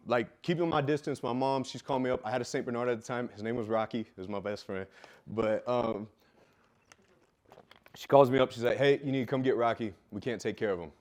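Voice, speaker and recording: A man telling a raw personal story with heavy swearing, dropping low and quiet, then bursting out loud. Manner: profane, intense, swings from quiet to loud; loud, self-described. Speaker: fitness business coach telling his life story.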